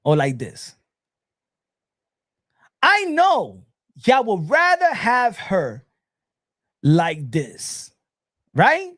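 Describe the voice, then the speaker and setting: Man, very high voice, swooping wildly in pitch, shouting mocking comedy rant, dry close sound. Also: wildly swooping pitch, drawn-out words, long pauses, no echo. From New York City. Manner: loud, shouty, profane and taunting. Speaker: online commentator.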